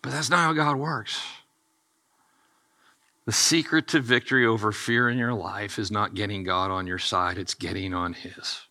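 A middle-aged male pastor preaching a sermon, animated and acting out the dialogue with rising excitement. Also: on the low side, moderate pace.

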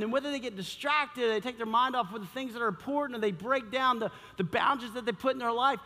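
A man preaching a sermon through a humorous personal story, acting out his own thoughts and the people around him with lively, animated delivery. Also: extremely high pitch, fast, hardly any pauses. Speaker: pastor. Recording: long hall reverb.

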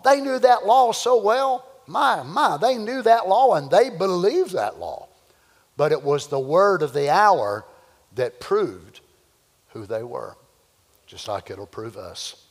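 A man preaching a fervent, folksy sermon in a church, at times rising to shouts. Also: a little high, breathy edge. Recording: echoey church hall.

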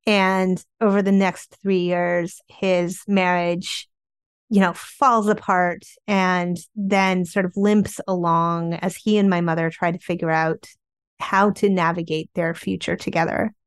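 A woman author telling candid family stories in an interview, chatty and animated, often saying "like". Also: fairly low pitch, unhurried, clean tone, no echo, clean studio sound. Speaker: memoir author guest.

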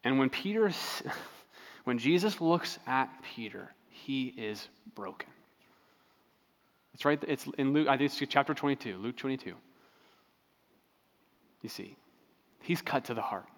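A man preaching a sermon in a relaxed, conversational way, telling stories with frequent fillers and restarts. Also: mid-range voice, measured pace, pauses often, big-room sound. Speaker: pastor.

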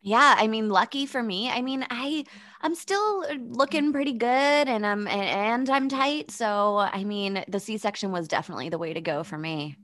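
A woman's voice: mid-range voice, moderate pace, a bit bright, no echo. A woman hosting a podcast, chatting casually in a blunt, crude way and laughing often. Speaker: podcast host. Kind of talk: casual chat.

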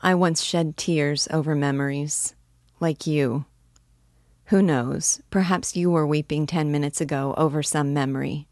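A woman narrating a literary audiobook in a soft, reflective, unhurried manner. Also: low-pitched, fairly even intonation, dry recording, studio quality.

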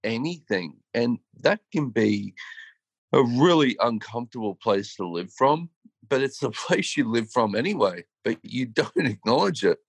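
A man's voice: medium pitch, lively intonation, unhurried, slightly rough, dry recording. A man co-hosting a casual, reflective chat, speaking earnestly and acting out his own thoughts. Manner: reflective, earnest, self-quoting. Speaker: co-host.

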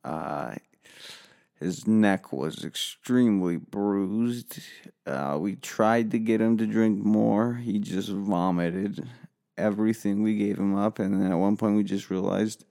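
Man, rambling comic storyteller, profane, lots of ums, smooth tone. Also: on the low side, slow pace, mellow. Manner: rambling, profane, filler-heavy.

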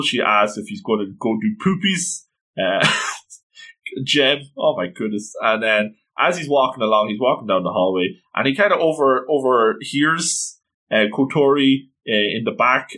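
A man casually retelling an anime episode, animated and slipping into quoted lines. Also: mid-range voice, moderate pace. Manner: animated, quoting characters in passing. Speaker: anime recap commentator.

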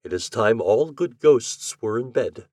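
A man's voice: mid-range voice, expressive, measured pace, a little mellow, no echo, clean studio sound. A man voicing a theatrical, courtly male ghost who returns to his forgotten love. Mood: jaunty. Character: wry, jaunty male ghost of a dead lover.

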